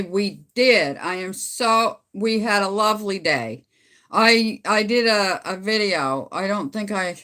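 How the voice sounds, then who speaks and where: A woman's voice: medium pitch, fairly bright tone. A middle-aged woman from Canada chatting casually with viewers on a livestream from home on her phone, rambling and laughing often. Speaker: livestream host. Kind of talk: casual live chat with viewers.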